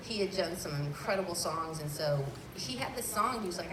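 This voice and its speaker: A woman's voice: lowish voice, lively intonation, fairly quick. A woman musician from Southern California chatting as an interview guest, rambling with many restarts and fillers. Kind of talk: casual interview chat. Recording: roomy, distant mic, crowd and noise.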